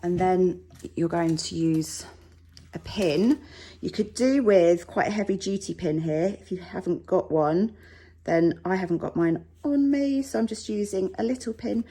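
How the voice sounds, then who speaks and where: A woman's voice: on the low side, unhurried, warm tone, husky. A woman teaching a sewing tutorial from her home sewing room, chatty and reassuring as she works. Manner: chatty, reassuring, self-deprecating asides. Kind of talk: relaxed tutorial talk while working.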